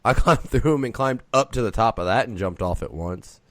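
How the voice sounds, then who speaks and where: A man's voice: on the low side, lively intonation, brisk, fairly bright tone, dry recording. A man co-hosting a podcast, telling a story with hesitations and restarts. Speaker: podcast co-host. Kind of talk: casual storytelling.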